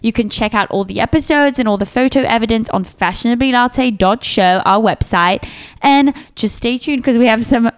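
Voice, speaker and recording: Woman, podcast co-host, casual chat, blunt, deadpan teasing, slightly high voice. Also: normal speed, clear, resonant tone.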